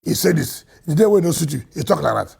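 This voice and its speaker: A man with a Nigerian accent, a state governor answering interview questions emphatically, swinging between loud and quiet. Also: a little high, very animated, fast, vocal fry.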